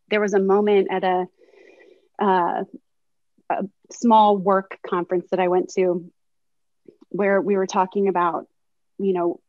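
A sports agent in her thirties appears as a webinar guest and tells candid anecdotes reflectively. Her mid-range voice is a little mellow. The dry, lo-fi video-call audio sounds slightly dull.

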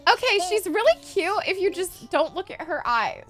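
A woman giving excited commentary while playing a life-simulation game, gushing, gasping and squealing, with casual swearing. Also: extremely high pitch, normal speed, few pauses, music in the background. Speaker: gaming streamer.

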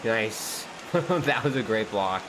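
A man hosting a gaming channel, commentating his own match with excitable outbursts at big moments. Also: fairly low pitch, slow. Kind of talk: live gameplay commentary. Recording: noisy background hum.

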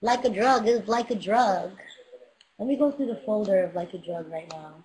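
A young woman talks straight to her fans on a casual livestream, hyped up and swearing freely as she gives them a pep talk. Her voice sits at an ordinary middle pitch for a woman and comes through a webcam mic. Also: normal speed, a little mellow, poor audio. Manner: hyped, profane, motivational. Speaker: rapper streaming to fans.

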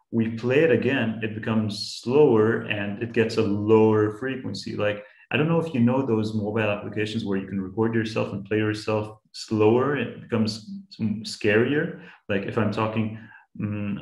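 Male science teacher for kids, low gravelly voice, patient and plain, echoey room. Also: steady tone, moderate pace. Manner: patient, simple examples, frequent restarts. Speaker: science educator. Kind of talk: explaining to young students.

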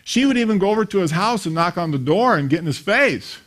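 Man in his fifties, sermon, fairly high voice, storytelling, acts out characters. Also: expressive, quick pace, fairly bright tone. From grew up attending a small country church. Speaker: pastor.

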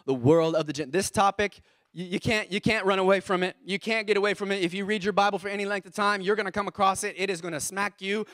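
A man's voice: sits high, fairly even intonation, quick pace, fairly bright tone, dry recording, studio quality. A man preaching as the pastor of his church, fired up and calling out to the congregation. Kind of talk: energetic sermon.

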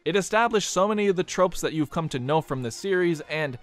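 Man, scripted narration, dry jokes, lively pitch. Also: a little fast, soft background music. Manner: dry, joking asides. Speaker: video essay narrator.

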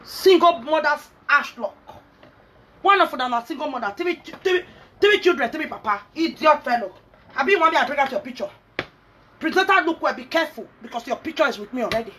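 A woman's voice: high-pitched, expressive, fairly quick, pushed and bright, slight background noise, low-quality recording. A woman ranting angrily at her followers, scolding and mixing pidgin with local language. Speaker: social media commentator. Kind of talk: angry rant to followers.

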